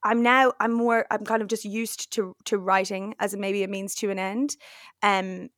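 A woman's voice: mid-range voice, moderate pace, no echo, studio quality. A young woman chatting as a guest, telling stories and acting out what people said. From Ireland. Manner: lively storyteller, acts out quoted voices. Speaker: guest, actor and comedian. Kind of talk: casual chat.

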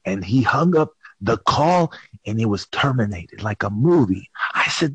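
A man's voice: on the low side, lively intonation, a little slow, a bit bright, breathy edge, no room sound. A man telling a playful, improvised comic story over a call, theatrical, dropping into whispers and silly voices.

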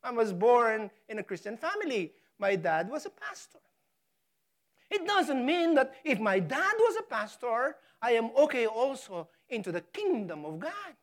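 A woman preaching a sermon, stressing key words hard and pausing for effect. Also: a little high, big pitch swings. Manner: emphatic, dramatic pauses on key words; slow, deliberate delivery. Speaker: pastor.

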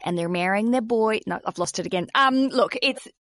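A woman's voice: medium pitch, fairly quick, a bit bright, dry recording, studio quality. A woman hosting a podcast, chatty and self-mocking, rambling through her intro. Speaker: podcast host. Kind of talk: casual podcast chat.

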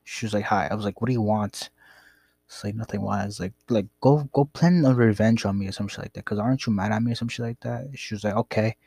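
A man's voice: on the low side, fairly even intonation, quick pace, vocal fry, a little mellow, husky, no echo. A young man casually telling a rambling, profane story about his past. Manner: rambling, profane, laid-back.

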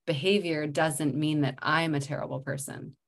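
Brief: woman in her thirties, low voice, calm reflective podcast guest who laughs often. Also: normal speed, gravelly. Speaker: guest, somatic practitioner. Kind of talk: casual podcast interview.

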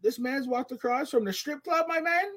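A young man co-hosting a podcast, telling stories in an animated, profane way. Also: very high voice, moderate pace. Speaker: podcast co-host. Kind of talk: casual chat.

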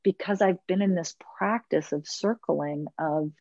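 A woman with a lowish voice who tells earnest, reflective stories and acts out the lines of the people in them. The recording is dry and a little dull, like lo-fi audio. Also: unhurried, darkish tone, no room sound. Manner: earnest, reflective storyteller, acting out quotes. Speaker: podcast guest, circle facilitator. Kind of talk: podcast conversation.

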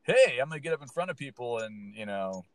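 A man who works as a stand-up comedian, chatting casually and telling an animated story, swearing freely and acting out what people said. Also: mid-range voice, quick pace, no echo. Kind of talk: casual podcast chat.

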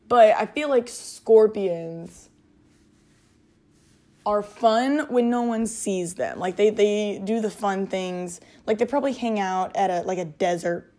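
A woman chatting casually on her own podcast in an easy, mid-pitched voice. She rambles from thought to thought, giggling and leaning on filler words. Her talk is loose and unscripted. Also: a little mellow. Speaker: podcast host. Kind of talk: casual solo chat.

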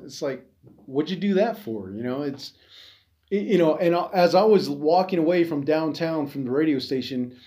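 A man's voice: on the high side, mellow. A man hosting a podcast, delivering a bitter, profane monologue that rambles with many fillers. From Navajo Nation. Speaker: podcast host and veteran. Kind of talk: angry monologue.

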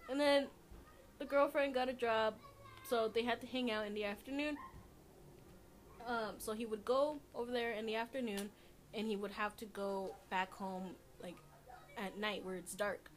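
A woman's voice: a little high, steady tone, normal speed. A young woman co-hosting a casual podcast, telling a rambling story between bursts of laughter. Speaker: podcast co-host.

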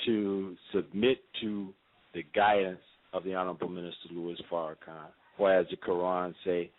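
Heard over what sounds like a thin, narrow phone line, a radio interview guest speaks in a fairly low voice with little pitch movement. His delivery is measured and preacherly, with many pauses and fillers.

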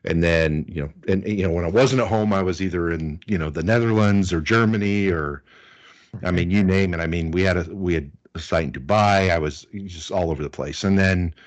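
Deep-voiced, chatty middle-aged man. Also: a little fast. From United States. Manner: chatty, anecdotal, many fillers. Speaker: interview guest. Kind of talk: casual conversational interview.

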